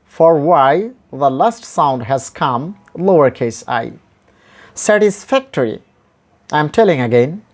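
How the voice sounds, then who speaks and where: Slow, patient male pronunciation teacher. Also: a little high, expressive. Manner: repeats each example word slowly and deliberately, with stressed drills. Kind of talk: pronunciation lesson.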